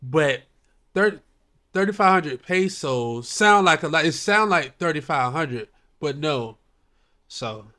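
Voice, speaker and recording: A man in casual chat, reacting and working through numbers out loud. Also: fairly high pitch, lively intonation, slow pace.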